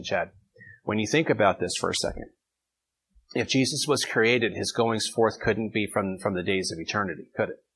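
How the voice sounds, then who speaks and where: A man's voice: on the low side, a bit bright, husky, low-quality recording. A man leading an informal Bible study, reading verses and taking questions from his group in a conversational way.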